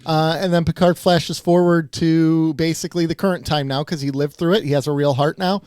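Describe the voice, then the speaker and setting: A man's voice: a little high, fairly quick, clean tone, dry recording, studio quality. A man co-hosting a podcast, casually retelling a TV episode's plot and acting out the characters' lines as he goes. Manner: animated, acts out quoted lines in the retelling. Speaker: podcast co-host.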